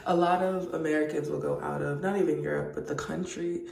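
A woman vlogger chatting casually to camera in an animated, profane way. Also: low voice, fairly quick, creaky. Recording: roomy, distant mic.

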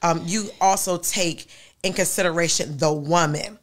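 Lower-voiced woman hosting an interview. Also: moderate pace. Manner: encouraging, affirming interviewer. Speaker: pastor and show host.

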